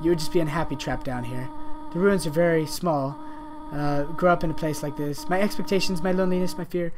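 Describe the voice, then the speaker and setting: A man voicing a gentle, protective female goat monster who speaks in a slow, formal, solemn way. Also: on the high side, fairly even intonation, background noise, pitched below the performer's own voice, lightly acted. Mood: sorrowful.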